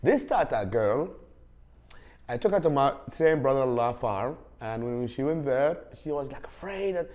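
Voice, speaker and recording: A man's voice: medium pitch, animated, moderate pace, a little mellow. Rambling man. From Saudi Arabia. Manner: rambling, with many fillers and restarts. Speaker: podcast host. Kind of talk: casual storytelling.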